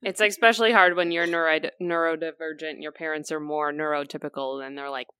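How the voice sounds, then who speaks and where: A young woman co-hosting a podcast, telling stories in a relaxed, casual way and laughing easily. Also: low voice, a little fast, clear, resonant tone, dry recording. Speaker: podcast co-host. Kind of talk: casual book discussion chat.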